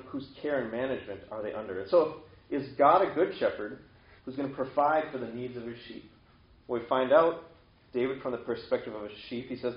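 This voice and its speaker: A man preaching a casual, conversational sermon, now and then acting out animal voices. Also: medium pitch. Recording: roomy, slightly dull sound.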